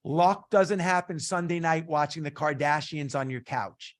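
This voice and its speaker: A middle-aged man leads an online business coaching session. His voice sits a little high, and he tells stories in a punchy, animated way, acting out the back-and-forth of each scene. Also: measured pace. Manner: storytelling, punchy and animated, acts out dialogue.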